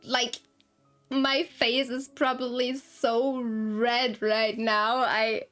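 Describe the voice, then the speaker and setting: A fairly high, slightly bright female voice draws out its words in a level tone. She's a young game streamer rambling to chat through a desktop mic with no camera, giggling often, easily flustered and self-conscious, with soft music underneath.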